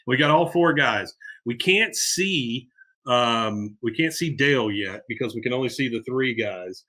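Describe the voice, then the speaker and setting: Bright-voiced man recapping a show. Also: mid-range voice. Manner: retells scenes with laughs and fillers. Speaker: podcast host. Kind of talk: casual episode recap.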